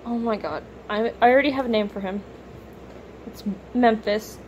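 A young woman filming a casual unboxing vlog at home, gushing and a bit self-conscious, her voice slightly rough from a cold. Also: fairly high pitch, moderate pace, slight background noise, rough recording. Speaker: vlogger unboxing plush toys. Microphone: camera or phone camera.

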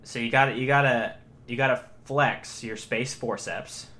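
A man's voice: medium pitch, fairly even intonation, normal speed, sharp tone, slight background noise. A man co-hosting a podcast in casual comedic banter, riffing earnestly and thinking aloud. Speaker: podcast co-host.

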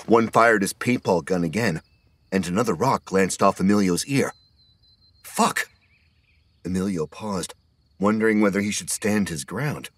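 A man narrating an audiobook horror story in a steady scripted reading. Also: low voice, moderate pace.

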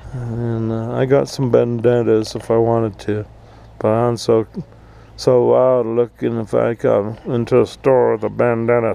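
A man rants in a blunt, profane, casual way, speaking slowly with a gravelly, mellow tone. He is recorded outdoors at an RV park, with faint background noise under his voice. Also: mid-range voice. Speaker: vlogger. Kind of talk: casual ranting vlog.

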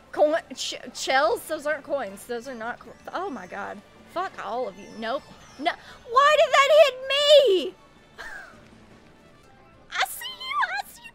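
A young woman with a high, bright, sharp voice streams a racing game, swinging widely in pitch as she talks. She swears freely, laughs often and yells at her opponents, with faint music behind her. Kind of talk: live gaming commentary.

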